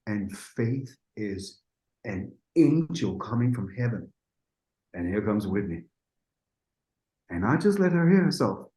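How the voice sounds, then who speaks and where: A man, a music producer, telling an animated anecdote in an interview and acting out the dialogue with quick asides. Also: lowish voice, reverberant, rough recording.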